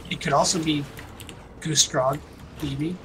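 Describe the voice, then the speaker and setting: A man's voice: fairly high pitch, steady tone, measured pace, a bit bright, a little hiss or hum, poor audio. A man streaming a game, chatting casually and explaining updates in an informative way. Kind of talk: casual gameplay chat.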